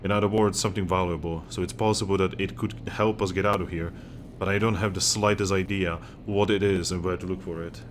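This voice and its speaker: Male companion, thoughtful, measured, low voice, game character, read by a man. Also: steady tone, slight background noise, lightly acted.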